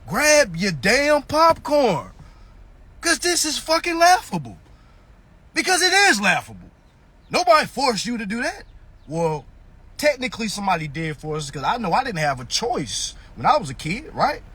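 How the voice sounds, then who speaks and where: A man's voice: extremely high pitch, huge pitch swings, moderate pace, sharp tone, husky, no room sound. A man in a casual ranting monologue on a phone live stream, mocking and profane, firing off rhetorical questions.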